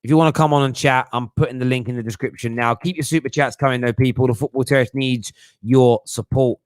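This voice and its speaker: A man's voice: medium pitch, steady tone, fast, no room sound, studio quality. A young man hosting a casual live chat, jokey and slangy, laughing often. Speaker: livestream host.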